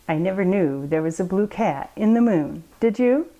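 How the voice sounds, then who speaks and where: Gentle, mellow-voiced woman leading kids' yoga. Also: medium pitch, lively intonation, moderate pace, lo-fi sound. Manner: gentle, coaxing, playful instructions to children. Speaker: kids yoga teacher. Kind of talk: guided children's yoga story time.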